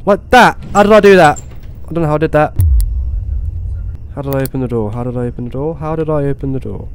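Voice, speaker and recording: A young man playing a horror game, talking to himself and swearing, with sudden excited outbursts. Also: mid-range voice, brisk, clean tone. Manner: swears, talks to himself, swings between muttering and excited outbursts. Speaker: gaming YouTuber. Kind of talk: horror game let's play commentary.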